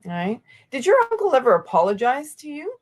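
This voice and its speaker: A woman hosting a podcast interview, speaking earnestly and haltingly, with many fillers and restarts. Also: fairly high pitch, sing-song, darkish tone. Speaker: podcast host. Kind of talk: conversational interview.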